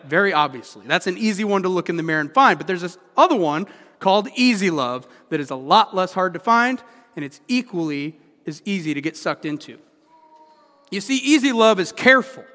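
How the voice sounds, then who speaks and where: A man preaching to his congregation in an easy, conversational way, asking questions of his listeners. His voice sits high for a man. The sound rings out with the long reverb of a church hall. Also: pushed and bright. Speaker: pastor. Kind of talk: sermon.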